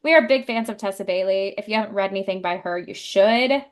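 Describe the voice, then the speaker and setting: A young woman co-hosts a casual book podcast, talking fairly quickly in a medium-pitched, clean voice. She's chatty, fills her speech with fillers, and laughs easily.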